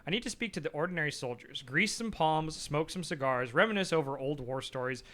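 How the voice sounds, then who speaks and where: Gruff, plain-spoken female marshal of a kingdom, reading as a rough soldier with no patience for the council, as a man puts her on. The voice rides high and swings widely, delivered in a brusque, matter-of-fact way for a narrative video game. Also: lively intonation, moderate pace, a bit bright. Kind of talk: reading game dialogue aloud on a livestream.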